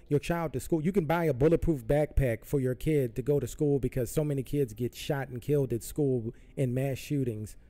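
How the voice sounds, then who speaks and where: A man hosts his podcast in a heated, profane rant that keeps circling back on itself. His voice is mellow and dark. Faint music plays behind him. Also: a little high. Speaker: podcast host. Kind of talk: political rant. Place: Southern California.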